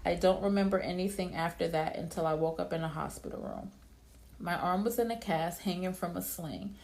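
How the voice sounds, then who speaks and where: A woman narrating a dramatic first-person story in a plain, steady reading voice. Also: lowish voice, fairly quick.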